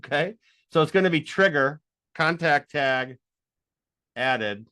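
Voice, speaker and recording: Guy teaching a class, super excited, rambles and thinks out loud, dry close mic. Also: a little high, takes it slowly, no echo. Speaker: instructor. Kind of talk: live software tutorial.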